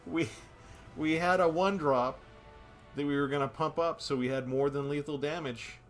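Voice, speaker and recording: A man's voice: fairly high pitch, steady tone, moderate pace, faint music behind. A man giving casual commentary on a card game he is playing, thinking aloud about his moves.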